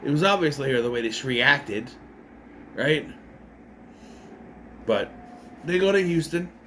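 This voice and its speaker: Lively rambling man recapping a movie. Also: medium pitch, measured pace, a little hiss or hum. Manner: rambling, self-correcting, sarcastic asides. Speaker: movie reviewer. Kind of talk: casual spoken movie recap.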